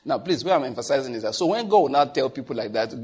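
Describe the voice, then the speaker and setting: Male preacher, husky voice, lively sermon style with laughs and asides to the room. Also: medium pitch, quick pace. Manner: animated, laughs often, asks the audience questions. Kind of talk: sermon teaching.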